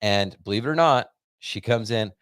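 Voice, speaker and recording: A man's voice: lowish voice, normal speed, a bit bright, smooth, no room sound. A middle-aged American man hosting a podcast, chatting casually and rambling upbeat with many fillers. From United States. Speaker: podcast host. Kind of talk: casual monologue to a live audience.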